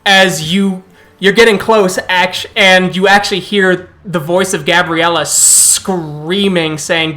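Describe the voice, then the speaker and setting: Game master: slow, bright, forceful, laughs often, light music. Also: mid-range voice, steady tone. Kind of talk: narrating a tabletop game.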